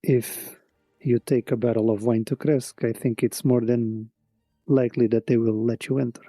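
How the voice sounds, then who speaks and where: A man narrating as game master, talking casually with frequent pauses and restarts. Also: mid-range voice, no room sound, faint music behind. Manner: relaxed, with frequent ums and restarts.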